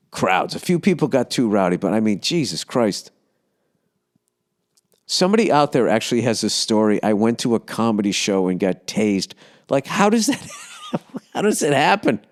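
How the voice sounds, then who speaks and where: Male comic, 50s, Boston accent, loose profane podcast rant. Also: lowish voice. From United States. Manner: profane, animated, acts out yells and impressions. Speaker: comedian podcast host. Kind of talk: casual rambling monologue.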